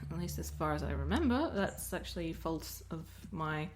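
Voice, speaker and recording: A woman's voice: low voice, lively intonation, normal speed, a little hiss or hum. An Australian woman giving casual commentary over her recorded gameplay, rambling and often breaking off mid-sentence. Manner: rambling, self-interrupting, chatty. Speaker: Minecraft let's player.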